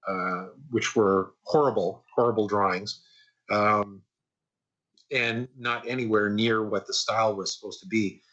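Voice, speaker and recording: A man's voice: on the low side, unhurried, dull audio. A man in his sixties, a guest animation artist, casually telling stories from his career in a podcast interview with frequent fillers and repeats. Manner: relaxed anecdotal, frequent "uh" and repeats.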